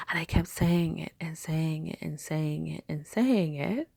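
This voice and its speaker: A woman's voice: deep voice, unhurried, gravelly, a little mellow, dry recording. A woman giving a casual spiritual talk, chatty and storytelling with many fillers. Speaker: spiritual teacher.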